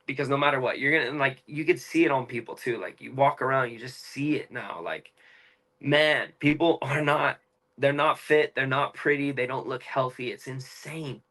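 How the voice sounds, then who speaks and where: Emphatic young man explaining quickly. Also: medium pitch, sharp tone, low-quality recording. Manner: fast, emphatic explaining with slang. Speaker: interview guest. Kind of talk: casual interview chat.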